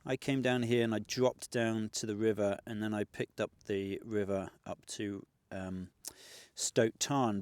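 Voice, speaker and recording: A man's voice: lowish voice, smooth, no room sound. A middle-aged man talking to his camera outdoors on open fells. He rambles in a chatty, self-deprecating way as he narrates his route. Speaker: fell runner vlogger. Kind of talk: casual outdoor vlog narration.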